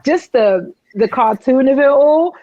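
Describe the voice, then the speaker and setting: A woman's voice: sits high, measured pace, no room sound, lo-fi sound. A woman in her forties with a London English accent slightly drifting American, telling stories animatedly in a casual interview. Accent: London English with some American drift. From England. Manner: animated storyteller who acts out quotes. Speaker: guest musician.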